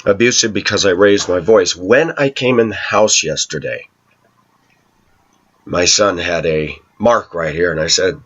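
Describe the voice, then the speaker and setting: A man talking to his viewers in a long personal monologue, aggrieved and telling his side, often clearing his throat. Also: low voice, unhurried, a bit bright. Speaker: vlogger addressing viewers. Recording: slightly dull lo-fi recording.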